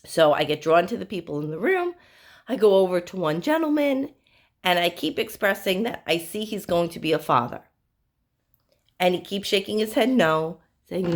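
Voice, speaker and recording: A woman psychic medium talks earnestly to her viewers, offering spiritual advice through stories. Her voice sits a little low for a woman. She speaks directly and plainly to the listener. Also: very animated, moderate pace. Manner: earnest, storytelling, direct address.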